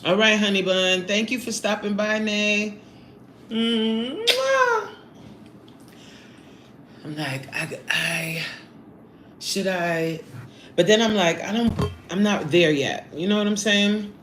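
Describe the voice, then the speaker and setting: A woman's voice: mid-range voice, measured pace, fairly bright tone. A woman in her forties chatting playfully on a live stream, reading out chat names and eating while she talks. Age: 40s. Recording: roomy echo, faint noise.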